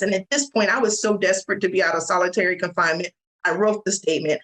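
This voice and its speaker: A woman's voice: lowish voice, quick pace, a bit bright, low-quality recording. A woman from the USA, a podcast guest telling her own story candidly and earnestly in an interview. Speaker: guest, advocate. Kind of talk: interview recounting personal experience.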